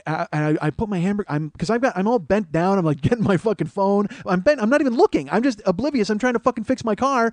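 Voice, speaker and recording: A man hosting a podcast, telling a comic story full of swearing, growing louder and more animated as it goes. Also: high-pitched, fast talker, few pauses, dry recording. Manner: profane, animated, rising to shouting as the story builds. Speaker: podcast host.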